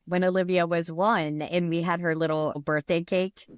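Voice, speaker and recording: A woman co-hosts a podcast in a playful, casual way, quoting films and dropping the odd swear word. Her voice sits a little low, and it sounds dry and close to the mic. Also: little pitch movement, normal speed, clear, resonant tone, no room sound. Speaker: podcast co-host. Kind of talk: casual chat.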